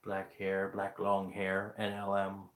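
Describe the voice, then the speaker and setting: A man's voice: sits low, completely flat delivery, slow, fairly bright tone. A man giving casual, rambling gameplay commentary on stream, joking and swearing as he goes. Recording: echoey room, faint noise.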